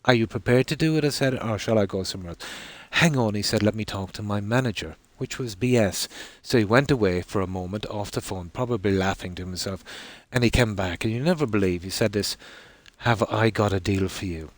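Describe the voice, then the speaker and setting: An Irish man tells a long, rambling story as he streams a game, a lot of "I said" as he goes. His voice sits low. The sound is dry and close, with no room echo. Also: a little fast, few pauses. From Ireland. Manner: rambling anecdote, frequent "I said". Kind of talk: casual storytelling while streaming.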